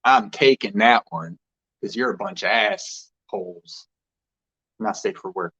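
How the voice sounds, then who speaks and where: A man's voice: medium pitch, a little slow, creaky, husky. Rambling man with a lo-fi sound. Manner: rambling, animated, filler-heavy. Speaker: spiritual channeler. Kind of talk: casual spiritual talk. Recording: dull lo-fi sound.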